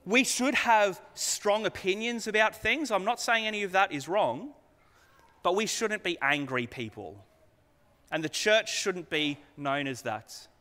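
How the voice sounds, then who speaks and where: A man preaching in a bright, high voice that rises and falls widely as he asks earnest rhetorical questions. He speaks slowly and conversationally, and the sound rings with a long hall reverb. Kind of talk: sermon.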